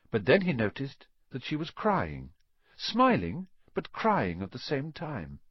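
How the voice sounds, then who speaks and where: A man narrating a story in an expressive reading voice, dropping to a hush at quiet moments. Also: medium pitch, unhurried, slightly rough, no echo, lo-fi sound. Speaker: audiobook narrator.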